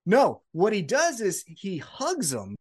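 A man co-hosting a wrestling podcast, recapping events in an excitable, profane, casual chat. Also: high voice, slow pace, husky. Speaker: podcast co-host.

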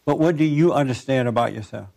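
A man's voice: medium pitch, fast, creaky, mellow. A man counseling a guest, asking probing questions, repeating her answers back and now and then joking. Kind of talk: probing one-on-one conversation.

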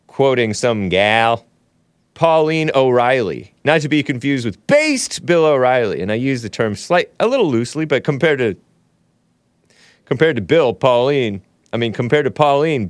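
Man, talk show host, sarcastic rambling asides, smooth resonant voice, dry close sound. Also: mid-range voice, no room sound. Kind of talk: casual commentary playing clips.

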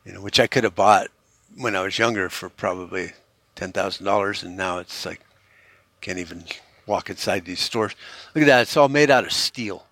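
A man's voice: low voice, normal speed, fairly bright tone, no echo. A middle-aged man hosting a podcast, chatting casually and cursing freely as he drives through a small town. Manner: profane, easygoing, drifting into a joking Australian put-on. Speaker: podcast host. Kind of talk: casual rambling monologue while driving through a town.

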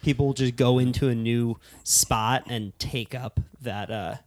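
Young adult male podcast host, mid pitch, casual, joking at his own expense. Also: steady tone, measured pace, darkish tone, dry recording, clean studio sound.

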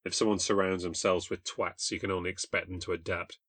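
A young podcast host narrates a first-person ghost story, his tone bitter and deadpan. He speaks fairly quickly in a low voice, and the recording is close and dry with no room sound.

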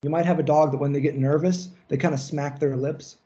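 A man's voice: fairly high pitch, fairly even intonation, a little fast, warm tone, dull audio. A man giving a casual seminar lecture, loose and profane, slipping into mocking rants to make a point. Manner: casual, swears freely, acts out mocking rants. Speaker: lecturer on psychoanalysis.

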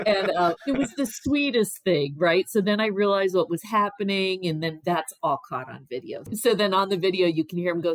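A woman's voice: on the low side, normal speed, no echo. A middle-aged woman casually telling a long personal story, acting out the people she quotes. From Ohio. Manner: animated, acts out quoted voices. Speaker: guest telling her story.

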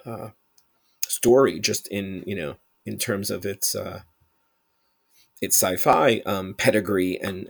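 Low, gravelly man reviewing a sci-fi show. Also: no echo. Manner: rambling, with many fillers and restarts; enthusiastic recommending. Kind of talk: casual spoken episode review.

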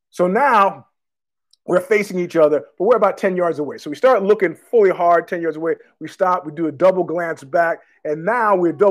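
A man hosting his own show, telling a street story in a casual, profane monologue and acting out the other people's lines. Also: a little high. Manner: profane, animated, acts out street exchanges in quoted voices. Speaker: podcast host.

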